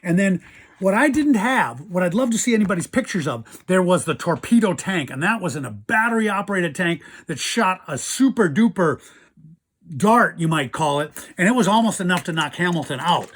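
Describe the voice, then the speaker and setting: A man's voice: high voice, big pitch swings, normal speed, fairly bright tone. A man hosting a casual show-and-tell about old toys, chatty and enthusiastic. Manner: enthusiastic, chatty, imitates toy sounds. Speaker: toy collector host.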